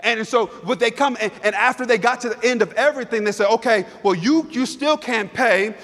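A man's voice: very high voice, brisk, fairly bright tone. A man preaching a sermon as a pastor, fervent and emphatic, repeating his key lines for effect. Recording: long hall reverb.

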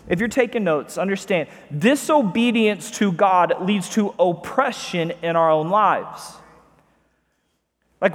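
Male pastor, high voice, conversational sermon style with emphatic slowdowns, reverberant sanctuary sound. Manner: conversational preaching with asides and emphatic slowed phrases.

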